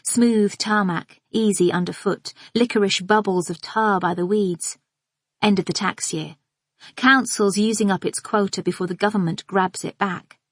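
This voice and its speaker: A woman narrating a psychological thriller in the first person, with a measured, observant and inward delivery. Her pitch sits in the middle range for a woman. The sound is dry and close, with no room in it. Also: steady tone, no room sound. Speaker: audiobook narrator.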